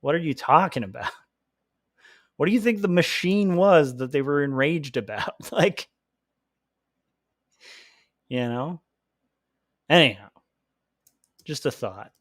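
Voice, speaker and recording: A man's voice: fairly high pitch, animated, takes it slowly, long pauses, fairly bright tone, dry recording, studio quality. A man chatting casually on his livestream while he draws comics, rambling, laughing often and filling his talk with "like". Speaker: comics artist livestreaming his drawing work.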